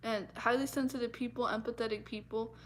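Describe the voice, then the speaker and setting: A woman's voice: fairly high pitch, steady tone, a little fast, slight background noise. A woman vlogger talking earnestly and from the heart about her feelings, with many fillers and restarts. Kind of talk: personal talk to camera.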